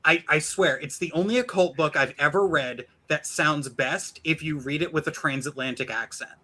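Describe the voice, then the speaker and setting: A man's voice: a little high, normal speed, sharp tone, poor audio. A man chatting casually on a stream, stumbling over restarts and slipping into a mock announcer voice to quote books. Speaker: podcast guest.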